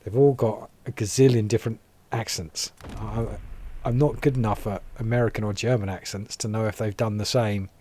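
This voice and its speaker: A man's voice: on the low side, fairly even intonation, moderate pace, hardly any pauses, warm tone. An English man giving casual, chatty gameplay commentary, wry and a little grumbling. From England.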